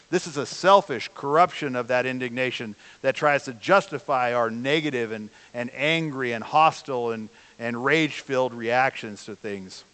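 A man's voice: medium pitch, a bit bright, big-room sound. A man preaching a sermon as pastor, in a conversational way, often putting questions to the congregation. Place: church sanctuary.

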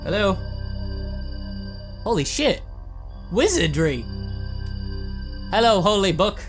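A man's voice: sits high, big pitch swings, slow, soft background music. A man giving nervous, swearing commentary while playing a horror game, often repeating words in panic. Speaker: let's play gamer.

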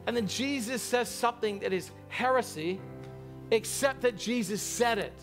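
A man preaching a sermon as pastor to a large church congregation, impassioned and animated in his storytelling. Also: very high voice, normal speed, soft background music.

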